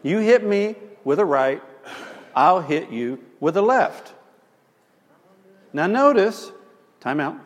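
A man's voice: high voice, takes it slowly, pauses often, big-room sound. A man teaching about marriage conflict, telling stories with wry asides. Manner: animated, storytelling, wry asides.

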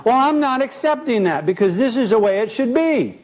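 A man's voice: very high voice, sing-song, a little fast, darkish tone, voice pushed up, poor audio. A man acting out a stubborn, defensive client. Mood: defiant. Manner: insistent, defensive. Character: stubborn, resentful adult client refusing to let go.

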